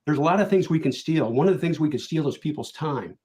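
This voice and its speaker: Earnest older man, a touch high. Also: expressive, fast talker, darkish tone. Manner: earnest, repeats key points for emphasis. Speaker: panelist. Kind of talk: virtual conference panel talk. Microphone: video call.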